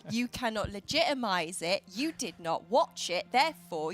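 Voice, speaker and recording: Chatty Welsh woman with a lively voice. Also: medium pitch, normal speed, few pauses. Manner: chatty, playful, teasing. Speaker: stream co-host. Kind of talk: casual livestream chat.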